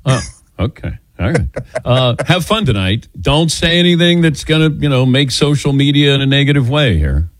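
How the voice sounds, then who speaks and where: A man's voice: mid-range voice, lively intonation, moderate pace, no echo. A man hosting a sports radio show, talking in an easygoing, teasing and chatty way. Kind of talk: casual radio talk.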